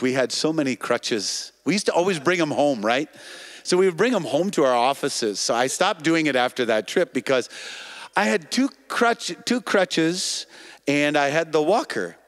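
Preacher guy telling a story in a sermon, kinda high voice, gets loud and calls out to the crowd. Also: moderate pace, slight background noise. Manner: animated, calls out to the congregation. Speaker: evangelist preacher. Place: church or TV broadcast stage.

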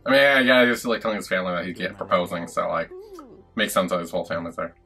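A man giving casual, animated reaction commentary while he watches a show. He swears freely and breaks into laughing asides. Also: sits low, racing, faint music behind. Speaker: reaction video host.

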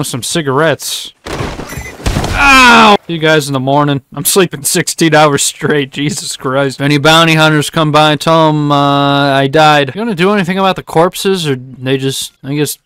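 A man giving live commentary on a video game, excitable, often yelling at what happens on screen. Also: on the high side, clean tone. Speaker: gaming YouTuber.

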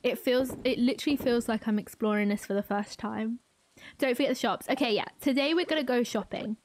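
Giggly high-voiced woman streamer. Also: brisk, dry recording. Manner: giggly, excitable, chatty. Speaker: game streamer. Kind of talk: live gameplay commentary.

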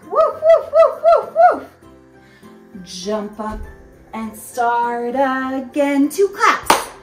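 Bubbly young woman teaching kids yoga, slow and singsong, echoey room, soft music behind. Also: high-pitched. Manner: cheerful, encouraging, sings cues. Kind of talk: guided kids' yoga with singing. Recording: roomy, mic at a distance, music underneath.

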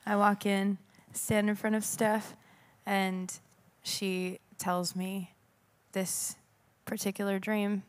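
Woman worship leader, mid pitch, earnest and thoughtful, kinda searching for words. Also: flat delivery, slow. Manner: reflective, searching for words, emphatic about faith. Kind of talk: earnest spiritual teaching.

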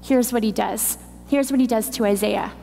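A woman's voice: a little high, moderate pace, vocal fry, mellow, soft background music. A woman preaching a sermon in a church, teaching with emphatic repetition. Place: church hall. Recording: long hall reverb, faint noise.

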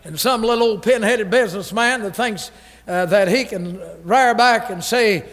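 A pastor preaching a fiery revival sermon, forceful, stern and emphatic, from an old radio broadcast. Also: male voice, high-pitched, moderate pace. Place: church sanctuary. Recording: reverberant church hall on old radio broadcast.

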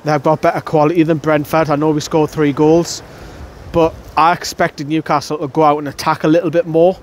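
Angry football fan, fairly high voice. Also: male voice, level tone, brisk, a little hiss or hum. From North East England. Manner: angry, blunt, swearing, repeats himself. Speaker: fan channel presenter. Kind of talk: post-match fan reaction. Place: outdoors outside a stadium, wet weather.

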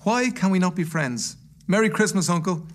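A man voicing a cheerful young nephew, bright and pleading. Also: high-pitched, animated, normal speed, voice pushed up.

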